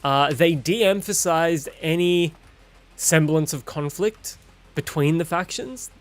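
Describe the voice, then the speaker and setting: A man's voice: fairly high pitch, slow pace. A man streaming a game and giving blunt, profane, opinionated commentary in a casual chat. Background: game music.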